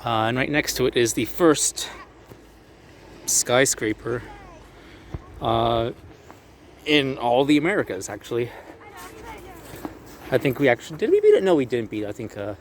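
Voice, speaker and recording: A young man talks his way through a city walking tour, swearing casually and cracking jokes. He drops into mocking put-on voices whenever he quotes historical figures. His voice sits at a middling pitch, and faint street traffic hums behind him outdoors. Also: unhurried, long pauses. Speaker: tour guide vlogger.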